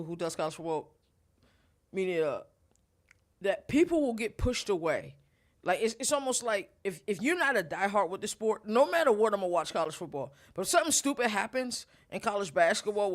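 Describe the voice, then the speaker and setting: A young man hosting a casual college sports talk show, animated and rambling, with lots of shout-outs. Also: sits high. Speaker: podcast host.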